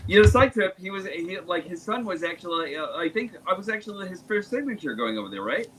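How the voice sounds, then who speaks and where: A man's voice: high-pitched, very animated, quick pace, fairly bright tone, husky, low-quality recording. A man on a video call chatting in a playful, jokey way. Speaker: guest. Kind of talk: casual group chat.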